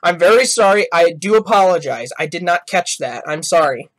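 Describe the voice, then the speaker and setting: A man's voice: high-pitched, expressive, normal speed, a bit bright. A man hosting a gaming channel, giving rambling, apologetic reaction commentary. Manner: rambling, apologetic, self-correcting.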